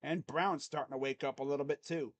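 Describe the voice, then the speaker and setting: Reacting live to a basketball game at a brisk pace, a sports YouTuber does casual play-by-play. He's a rambling fan, jumping from loud, excited calls to low grumbled muttering.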